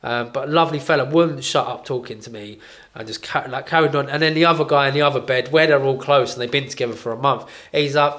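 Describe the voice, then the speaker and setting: A man's voice: medium pitch, quick pace. A young man, a podcast co-host, telling a story in casual chat, full of "like" and acting out what others said. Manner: animated, heavy on fillers, acts out what others said. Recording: roomy echo.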